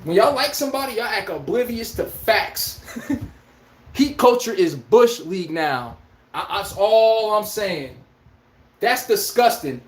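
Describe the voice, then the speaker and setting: A man's voice: sits high, sing-song, a little slow. A man hosting a podcast, delivering a heated, profane sports rant with an incredulous tone. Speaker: podcast host. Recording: echoey room.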